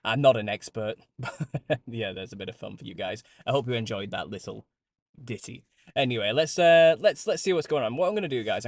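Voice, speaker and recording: A man's voice: medium pitch, no echo. A British man hosting a live stream, chatting casually with listeners, laughing often and restarting phrases as he goes. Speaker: host.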